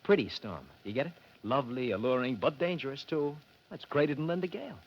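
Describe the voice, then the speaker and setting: A man's voice: medium pitch, fairly quick, natural voice. An actor playing a wheedling, salesy Hollywood publicity man in a 1950s radio drama, on an old, dull broadcast. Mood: pushy. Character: pushy fast-talking Hollywood publicity man.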